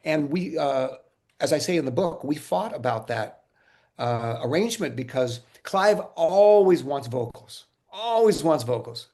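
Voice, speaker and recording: A man being interviewed, telling casual stories in an animated way, acting out quotes and often laughing. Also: fairly high pitch, a little slow. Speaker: interview guest, musician.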